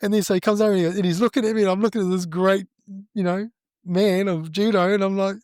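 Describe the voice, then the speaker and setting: A middle-aged man with a New Zealand accent, a judo coach telling stories in a casual interview, animated and laughing as he acts out what people said. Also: high-pitched, quick pace, clear, resonant tone, dry recording, studio quality.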